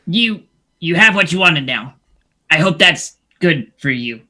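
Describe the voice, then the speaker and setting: A man voicing a small, nervous kobold with a high, bright, yelping voice. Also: animated, measured pace, exaggerated voice. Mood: reproachful.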